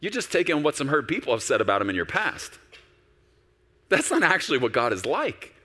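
A man pastor preaching a sermon on a stage, shifting from quiet storytelling to loud, urgent exhortation. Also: a little high, fairly quick, in a large hall. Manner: animated, swinging from soft storytelling to loud exhortation. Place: large church auditorium with stage.

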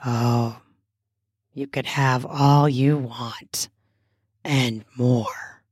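A woman voicing an eager adult man, speaking low, slow and half-whispered. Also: fairly even intonation, a little mellow, dry recording, clean studio sound. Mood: longing. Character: hungry, eager adult man flirting over pie.

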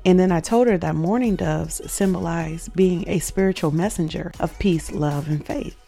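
A woman's voice: on the low side, normal speed, creaky, dark tone, faint music behind. A woman hosting a show, earnestly telling a personal faith story, reflective and emotional at its peaks.

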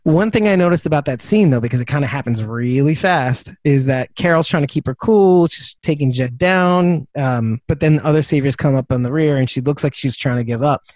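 A podcast host chats casually and rambles, using plenty of fillers and restarting his sentences. His voice sits on the high side and is a little mellow, moving a bit quickly with hardly any pauses. The studio-quality recording has no room sound.

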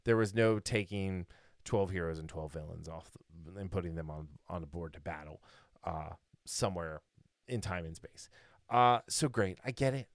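A man's voice: low voice, normal speed, dry recording, clean studio sound. A man co-hosting a podcast in casual chat, rambling and opinionated, with many fillers and restarts. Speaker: podcast co-host.

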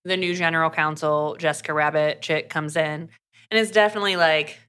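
A woman with a fairly low but bright, edged voice tells a book's story in loose conversation. She keeps slipping into quick acted lines for the characters between fillers. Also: fairly even intonation, clear, resonant tone. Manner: chatty, fast recap full of "like" and acted quotes. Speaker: podcast co-host. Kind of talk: casual book recap.

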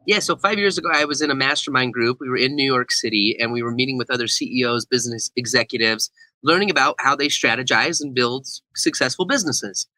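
A young man, an author and speaker, telling a story as a guest in an interview. He talks animatedly and acts out the quotes. His voice is very bright and forward, recorded close with no room sound. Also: mid-range voice, fast, no echo, low-quality recording. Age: young adult.

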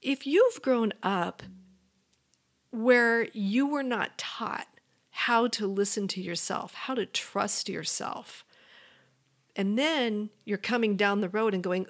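A woman hosting a motivational podcast, speaking earnestly and encouragingly straight to her listeners as a life coach, sometimes dropping to a soft whisper. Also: medium pitch, takes it slowly.

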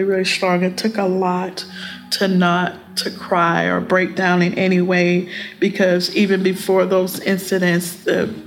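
A middle-aged woman, a mother being interviewed, recalling the past in a restrained way with a gravelly voice. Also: lowish voice. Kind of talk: personal recollection in an interview.

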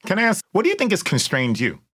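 A man, a guest who hosts a podcast, telling lively stories in conversation and acting out the people he quotes. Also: high voice, fast, breathy edge. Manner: animated, acts out quoted voices. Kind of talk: storytelling conversation.

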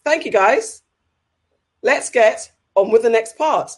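A woman co-hosting a casual chat show, reading viewer comments aloud in a brisk, upbeat way. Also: fairly high pitch, animated. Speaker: podcast co-host.

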